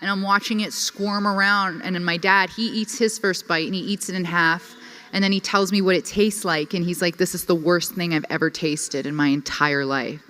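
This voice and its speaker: Bright-voiced young woman speaking in a hall. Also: fairly low pitch, moderate pace. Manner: lively, chatty, filler-heavy with frequent "like". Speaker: conference speaker. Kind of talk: personal storytelling to a live audience. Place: conference hall. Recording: reverberant hall.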